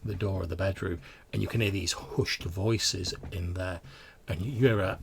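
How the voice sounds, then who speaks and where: Man, game master narration, low gravelly voice, descriptive manner. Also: steady tone, moderate pace, noisy background. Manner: descriptive, hesitant restarts.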